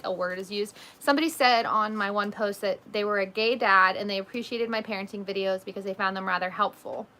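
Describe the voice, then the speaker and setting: A woman's voice: on the high side, pushed and bright. A woman in her thirties hosting a casual livestream, chatting loosely with lots of "like" and "um" as she reads out viewer comments. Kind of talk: casual live chat.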